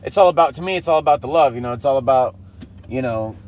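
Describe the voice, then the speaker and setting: In a mid-range, darkish voice, a fast-talking podcast host in his thirties rambles through a profane personal anecdote. It's a casual monologue, and he keeps breaking into laughter.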